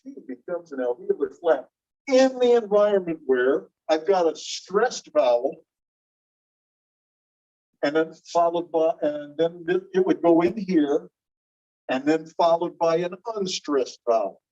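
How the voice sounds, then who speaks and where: A man's voice: fairly high pitch, expressive, mellow. Man lecturing from across a classroom. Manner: explains slowly and repeats key phrases, checking understanding. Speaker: linguistics instructor. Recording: muffled distant classroom recording.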